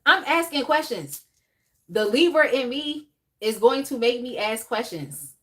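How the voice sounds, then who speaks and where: Animated woman chatting on a live stream. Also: fairly high pitch, a little slow. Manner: animated, laughing, chatty asides. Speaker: tarot reader hosting a live reading. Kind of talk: casual live-stream chat.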